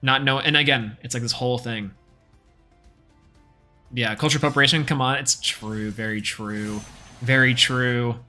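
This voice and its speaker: A man's voice: medium pitch, steady tone, unhurried, long pauses, pushed and bright, soft background music. A man streaming a card game live, giving casual, chatty play-by-play and thinking aloud as he plays. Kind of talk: live gameplay commentary.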